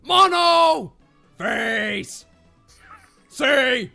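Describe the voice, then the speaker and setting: A man voicing a harsh, bullying male drill sergeant in a visual novel read-through, barking orders at a shout. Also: very high voice, lively intonation, drawn-out words, creaky, soft background music, pitched above the performer's own voice, full character voice.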